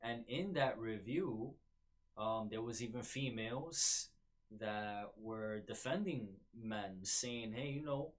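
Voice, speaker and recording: A man's voice: fairly low pitch, slow. A man hosting a podcast, talking in casual solo commentary with many ums and repeated words. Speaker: podcast host.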